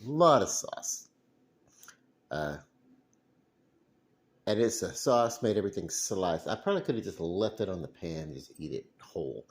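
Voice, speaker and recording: A man's voice: low-pitched, animated, moderate pace, a little mellow. A man rambling through a casual late-night cooking vlog in his home kitchen, self-deprecating and chuckling. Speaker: vlogger.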